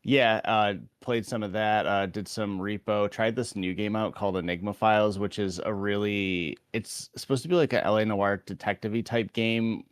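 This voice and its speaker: A man co-hosts a casual podcast in a laid-back, joking way. His voice sits low and smooth. The recording is dry and close. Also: steady tone, normal speed, hardly any pauses, no echo. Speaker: podcast co-host.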